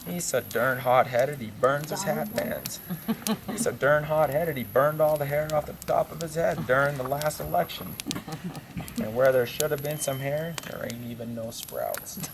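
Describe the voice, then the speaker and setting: A man's voice: mid-range voice, normal speed, gravelly, background noise. A man telling a folksy comic monologue at a campfire in hick dialect, chuckling at his own punchlines. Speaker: campfire storyteller. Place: outdoors at a campfire.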